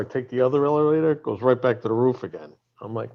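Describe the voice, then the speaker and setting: A touring male DJ telling a story in casual chat, animated and profane. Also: mid-range voice, fast, creaky, few pauses, dull audio.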